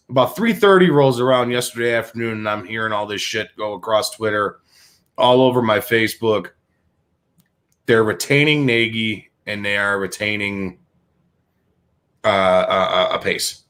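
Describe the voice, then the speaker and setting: A man's voice: lowish voice, moderate pace, a bit bright. A man hosting a sports talk show, ranting with profanity and many restarts. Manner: fired-up, profane, repetitive restarts. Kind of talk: heated sports radio rant.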